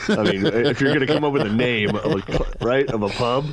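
A man co-hosting a sports talk show from his home office, bantering casually and laughing often. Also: fairly quick. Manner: animated, laughing, jumps between high and low pitch.

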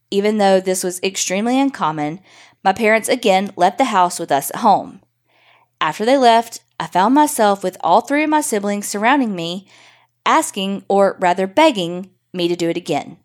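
A woman's voice: mid-range voice, expressive, normal speed. Woman reading a story with wry profanity. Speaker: podcast host reading a listener story.

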